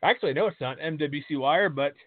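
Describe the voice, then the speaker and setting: A male podcast host with a somewhat high voice talks sports in loose, rambling chat, often restarting his sentences. The sound comes through a tinny, phone-like line. The room is dead and dry. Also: quick pace, no room sound.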